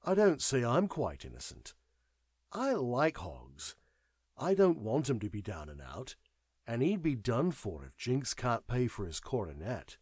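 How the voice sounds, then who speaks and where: A man voicing a detached, knowing man who speaks in a measured, wry way. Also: medium pitch, wildly swooping pitch, darkish tone, slightly rough, no echo, studio quality, exaggerated voice. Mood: wry, weary. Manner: measured, wry, world-weary.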